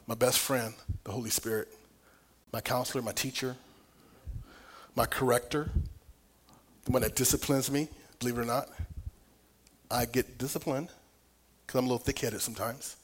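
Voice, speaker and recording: A middle-aged man preaching a sermon, telling a personal story with big swings from whispers to loud, laughing exclamations. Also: mid-range voice, husky. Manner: animated storytelling, dropping to whispers and rising to near shouts.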